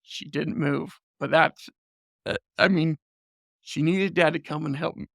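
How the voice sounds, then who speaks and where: A man with a gravelly edge and a pitch a little above the usual male range tells a family story in a relaxed, chatty way. He laughs often and acts out what people said, and the sound is dry and close. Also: unhurried, no room sound. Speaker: podcast guest. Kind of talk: casual storytelling.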